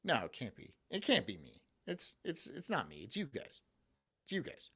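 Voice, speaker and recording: A male streamer riffing loosely to his chat, swearing and making fun of himself as he goes. His voice sits a little high and swings widely in pitch. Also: huge pitch swings, moderate pace, a bit bright, husky. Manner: rambling, profane, self-mocking, often laughing. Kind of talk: casual live-stream reaction chat.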